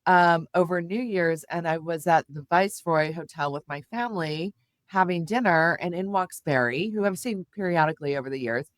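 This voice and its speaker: Woman guest, middle-aged, animated storytelling, lots of fillers, dry recording. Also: lowish voice, moderate pace, no room sound. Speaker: guest, communications executive. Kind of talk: casual interview chat.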